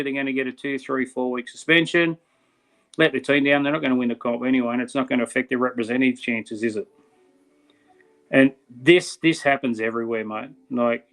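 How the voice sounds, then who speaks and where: Gravelly Australian man ranting about footy. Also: mid-range voice, a bit bright. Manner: blunt, impassioned, many "mate"s. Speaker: podcast co-host. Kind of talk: casual podcast chat.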